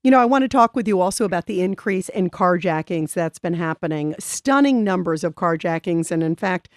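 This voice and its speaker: A woman's voice: on the low side, lively intonation, a little fast, no room sound, clean studio sound. A woman hosting a talk show, speaking in an indignant, conversational way. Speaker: host.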